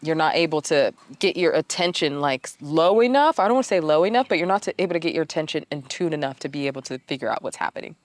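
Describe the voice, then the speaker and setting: Woman vlogger, low voice, dry close sound, candid and self-mocking storytelling. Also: expressive, quick pace, few pauses, dry recording. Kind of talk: personal storytelling.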